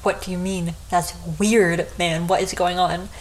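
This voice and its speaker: A woman's voice: on the low side, flat delivery, unhurried, lightly acted, low-quality recording. A woman voicing a jittery young man who has just died, asking flustered, rattled questions. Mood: panicked. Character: jittery young man, newly dead and panicking.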